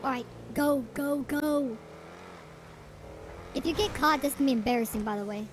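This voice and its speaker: A woman doing a squeaky, whiny bratty kid. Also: moderate pace, slight background noise, close to an everyday voice. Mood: cheeky. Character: bratty, cheeky young daughter. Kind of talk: comic role-play in a game.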